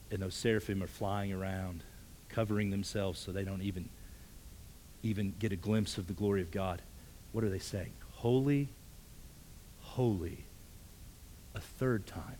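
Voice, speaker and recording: Man preaching, swelling then dropping to hushes. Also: lowish voice, a little hiss or hum. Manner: emphatic, rising to forceful peaks then dropping to hushed near-whispers; repeats words when stressing a point. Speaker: pastor. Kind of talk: sermon.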